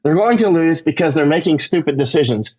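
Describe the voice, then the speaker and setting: A man with a darkish, slightly rough voice, a war correspondent, speaks briskly and animatedly in an emphatic interview monologue. He climbs higher in pitch as he gets riled up and repeatedly asks "right?"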